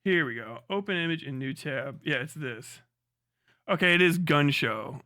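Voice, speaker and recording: A high-pitched, bright male streamer rants in a loose, profane way, laughing often and slipping into mocking voices. He is close to the mic in a dry, dead room. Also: no room sound. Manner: animated, profane, quick to laugh, mimics voices. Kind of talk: casual livestream rant.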